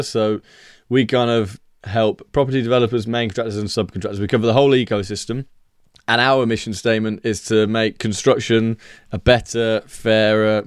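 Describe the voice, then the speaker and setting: Male podcast host, chatty, joking, clear smooth voice, dry sound. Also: lowish voice, dry recording. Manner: chatty, jokey. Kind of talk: casual interview chat.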